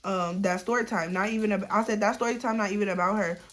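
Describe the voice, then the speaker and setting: A woman's voice: mid-range voice, steady tone, fast talker, fairly bright tone, reverberant. A woman telling a storytime on her vlog, bluntly and profanely retelling a text-message argument in a heated voice.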